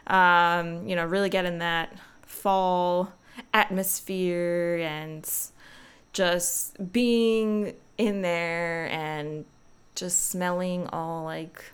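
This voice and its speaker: A woman's voice: lowish voice, steady tone, drawn-out words, clean tone. A young woman hosting a podcast, chatting casually and rambling with lots of fillers. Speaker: podcast host. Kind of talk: casual solo podcast chat.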